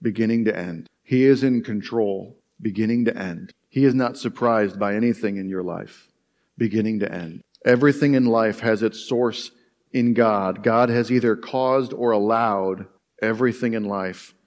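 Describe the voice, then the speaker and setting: A man's voice: fairly low pitch, normal speed, darkish tone. A man preaching a sermon as pastor, earnest and conversational, often repeating his phrases for emphasis. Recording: long hall reverb.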